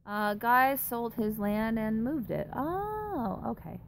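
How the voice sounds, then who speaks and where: A woman's voice: fairly high pitch, expressive, slow pace, gravelly, slight background noise. A young woman chatting casually on a live stream, reading comments aloud and reacting with giggly, exaggerated disgust. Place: home in a dry desert city.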